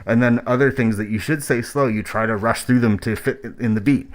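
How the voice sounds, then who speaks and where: A man's voice: mid-range voice, fairly quick. A man streaming, giving blunt, profane, rambling critique of rap tracks.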